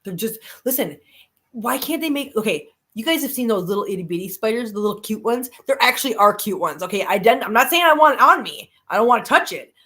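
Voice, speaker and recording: Animated woman chatting on a live stream. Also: fast talker. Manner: animated storytelling, jumps between low grumbles and high squeals. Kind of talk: casual chat with live viewers.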